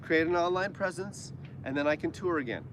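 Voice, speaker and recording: A man's voice: fairly high pitch, fairly quick, a bit bright, slight background noise. A Canadian man co-hosting a casual livestream chat, jokey and prone to going off on tangents. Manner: chatty, jokey, goes off on tangents. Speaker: livestream co-host.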